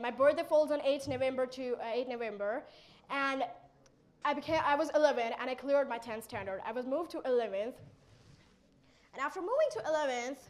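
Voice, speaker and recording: Teen girl w indian accent, high bright voice, motivational story talk. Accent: Indian English. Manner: animated, acts out quoted exchanges. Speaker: motivational speaker.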